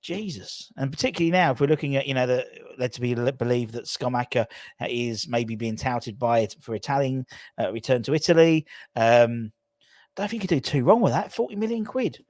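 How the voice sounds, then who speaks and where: A man's voice: medium pitch, brisk, a little mellow, no room sound. A man hosting a casual fan channel show, talking through transfer news in a chatty, rambling way with jokey asides.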